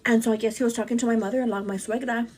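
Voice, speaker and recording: Rapid-fire and fairly high-pitched, a woman in her 30s keeps up an energetic, hyperactive stream of talk on her beauty livestream, a bit out of breath. She replies to viewer comments and calls them "girl" in casual chat, with slight background noise.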